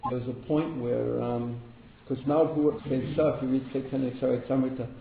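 Gravelly man telling devotional stories. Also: medium pitch, steady tone, fairly quick. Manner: warm storytelling, laughs often, repeats words for emphasis. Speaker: spiritual teacher. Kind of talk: devotional talk with storytelling. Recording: echoey room over a tinny phone-like line with background noise.

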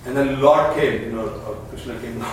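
A man in a class discussion, telling a short story in a halting way with many fillers, recorded from far away in an echoey room. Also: mid-range voice. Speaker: class participant. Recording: echoey room, distant mic, faint noise.

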